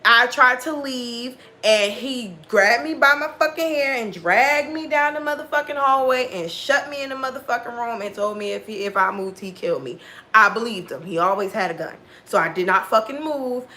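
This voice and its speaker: Blunt, foul-mouthed woman with a bright voice. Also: a little high, normal speed. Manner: blunt and heavily profane, acting out quoted dialogue. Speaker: tarot reader telling a personal story. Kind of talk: casual storytime monologue.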